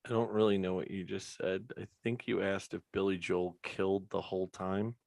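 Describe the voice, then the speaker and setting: A man's voice: low-pitched, level tone, moderate pace, vocal fry, darkish tone. A man co-hosting a casual chat show, dry and mildly exasperated. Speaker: co-host.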